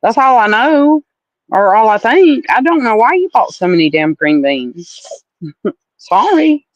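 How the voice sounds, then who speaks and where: A woman's voice: a little high, sing-song, a little slow, no room sound, dull audio. A woman from Alabama with a Southern accent, chatting with viewers on a casual livestream, blunt and salty, calling people honey. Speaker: livestream host.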